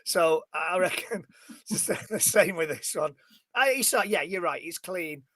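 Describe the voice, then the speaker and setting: A man's voice: high voice, lively intonation, normal speed, a bit bright, no room sound, studio quality. A man on a rugby fan panel, enthusiastic and self-mocking, laughing as he talks. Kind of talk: casual panel chat.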